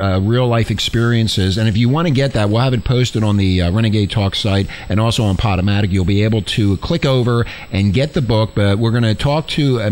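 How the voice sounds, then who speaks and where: A man co-hosting a crude talk show, boastful and profane, rambling with lots of fillers and restarts. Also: on the low side. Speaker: podcast co-host.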